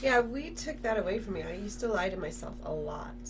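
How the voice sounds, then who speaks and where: A woman in casual chat, candid and quick to agree. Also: mid-range voice, animated, far from the mic, music in the background. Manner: frequent brief agreement, candid.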